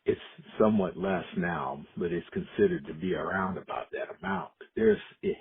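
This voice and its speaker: Low husky-voiced man, phone-like sound. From Decatur, Illinois, USA. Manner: reflective, storytelling, frequent restarts. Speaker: educator, interviewee. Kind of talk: oral history interview. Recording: muffled phone-like audio.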